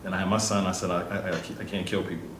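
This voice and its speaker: A man's voice: deep voice, flat delivery, rapid-fire, echoey room, slight background noise. A man hosting a casual podcast, telling stories animatedly and swearing freely. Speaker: podcast host. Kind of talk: casual storytelling chat.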